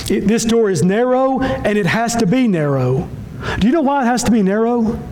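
A pastor preaching a sermon with impassioned, repetitive phrasing that swings between soft low lines and raised high ones. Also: male voice, lively intonation, normal speed, a little hiss or hum, poor audio. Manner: impassioned, repetitive preaching with sudden drops and rises in pitch.

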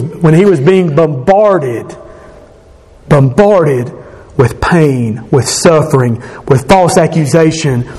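A man preaching a sermon, building rhythmic lists and rising to passionate shouts. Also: a little high, slightly rough. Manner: impassioned, rising to shouts on climaxes.

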